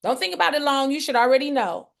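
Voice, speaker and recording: A woman with a high-pitched, gravelly voice and a quick pace hosts a group coaching video call. She keeps the energy up by calling on people by name and repeating key phrases for emphasis.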